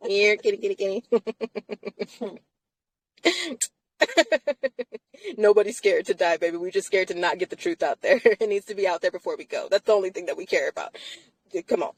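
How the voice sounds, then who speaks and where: A woman's voice: fairly low pitch, animated, fairly quick, long pauses, no echo, low-quality recording. A woman hosting a casual live chat from inside a car, talking emphatically and laughing often between phrases.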